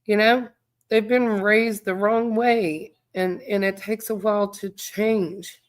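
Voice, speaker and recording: A woman's voice: medium pitch, fairly even intonation, takes it slowly. A middle-aged woman, hosting a livestream, speaking heartfelt and near tears, with a stuffed-up voice while she reads viewer comments aloud. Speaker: true crime livestream host. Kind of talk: emotional livestream chat.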